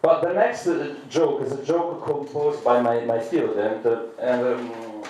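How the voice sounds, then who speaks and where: Male stand-up comic, Italian accent, slow and halting non-native English, very roomy club sound, distant mic. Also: medium pitch, fairly even intonation, a little mellow. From Italy. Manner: halting, hesitant English with frequent restarts. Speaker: stand-up comedian. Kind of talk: stand-up comedy set. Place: comedy club stage, indoors. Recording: roomy echo, mic from afar.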